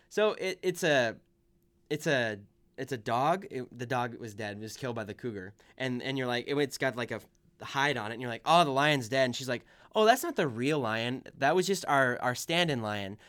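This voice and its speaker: A man's voice: mid-range voice, fairly bright tone, clean tone. A man in casual chat, retelling a video game side quest in a rambling way and acting out the characters' lines.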